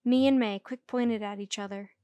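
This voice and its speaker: A woman storyteller reading a children's book aloud in lively first-person narration. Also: on the high side, moderate pace, clear, resonant tone, no room sound. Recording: dry close recording.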